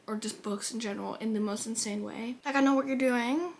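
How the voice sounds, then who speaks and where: A woman's voice: on the high side, steady tone, a little fast, vocal fry, few pauses, soft background music. A young woman vlogging casually about her reading. She talks expressively, swears freely and swings between gushing and exasperation. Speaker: book vlogger.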